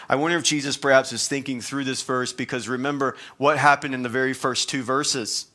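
A man's voice: medium pitch, fairly even intonation, brisk, hardly any pauses, bright, forceful tone. A male pastor preaching a sermon in a church, conversational and emphatic.

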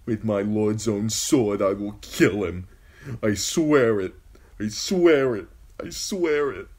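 Brief: man doing a grief-struck young female knight, soft and shaky, pitched high. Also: fairly even intonation, takes it slowly, breathy edge. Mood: vowing. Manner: soft, shaky voice near breaking. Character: tall young woman knight, grieving and vengeful.

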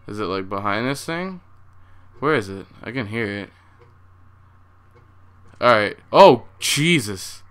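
A man's voice: fairly low pitch, sharp tone, smooth. A young man hosting a horror game playthrough, jumpy and swearing a lot as he talks to his viewers. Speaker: gaming channel host.

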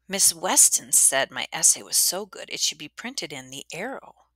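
Low-voiced woman reading a storybook. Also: sing-song, moderate pace, sharp tone, dry recording. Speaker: audiobook narrator. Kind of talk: first-person storybook narration.

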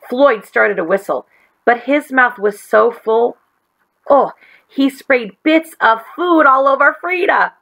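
A woman teacher reading a chapter book aloud to children in a gentle, expressive way. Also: a little high, creaky, rough recording.

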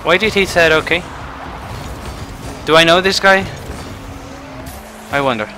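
A man giving frustrated live commentary over a car game, shouting outbursts and then muttering to himself. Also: fairly high pitch, unhurried, a little hiss or hum. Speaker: gaming video creator.

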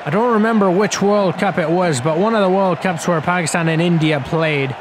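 Young guy rambling through a cricket game commentary, kinda high voice, loud stadium crowd going behind him. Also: brisk, noisy background. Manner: chatty, rambling, excitable on big shots. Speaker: gaming commentator. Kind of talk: casual play-by-play commentary over a cricket video game.

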